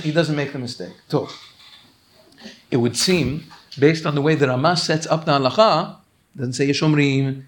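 A man teaching a religious law class who reads quoted texts in quick bursts, then explains them slowly and earnestly, often urging listeners to pay attention. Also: fairly high pitch. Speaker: Torah teacher.

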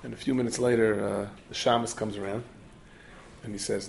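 A man telling a Torah story in the manner of a sermon, animated and studded with Yiddish and Hebrew terms, acting out the characters. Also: on the low side, fast, vocal fry, slight background noise.

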